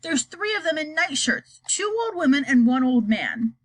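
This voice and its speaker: A woman's voice: moderate pace, low-quality recording. A woman voicing a panicky male astronaut reporting to ground control. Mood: pleading. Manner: high, excited, stammering.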